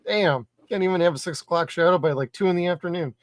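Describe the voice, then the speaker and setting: A man in casual podcast chat, tossing out jokey quick quips. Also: sits high, no echo, clean studio sound. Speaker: podcast co-host.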